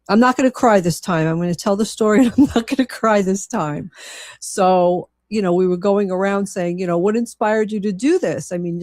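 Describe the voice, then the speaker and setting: A woman's voice: on the low side, dark tone, no echo, clean studio sound. A woman guest on a radio talk show, speaking emotionally and with determination, with many fillers. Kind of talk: casual chat.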